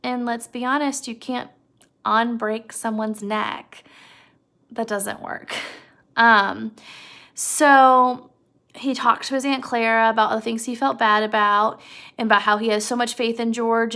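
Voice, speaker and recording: Gravelly-voiced woman teacher. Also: on the high side, flat delivery, a little slow, pushed and bright. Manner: casual, conversational, checks in with "okay?". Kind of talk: recorded video lesson.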